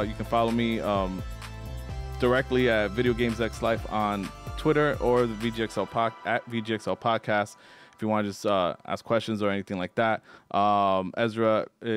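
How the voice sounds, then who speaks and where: A young man hosting a casual gaming podcast, relaxed and quick to laugh, with lots of fillers. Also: mid-range voice. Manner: laid-back, laughs often, filler-heavy. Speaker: podcast host. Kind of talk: casual chat.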